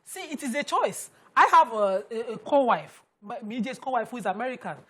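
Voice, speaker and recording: A woman's voice: a little high, expressive, fairly quick, a bit bright, husky. A Nigerian woman on a studio talk panel, speaking emphatically and forthrightly. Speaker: talk show co-host.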